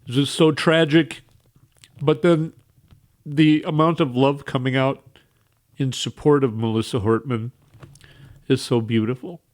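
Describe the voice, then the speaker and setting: A man hosting a radio show, tearful and weepy, speaking haltingly with restarts. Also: mid-range voice, steady tone, a little mellow. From Minnesota. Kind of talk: emotional radio monologue.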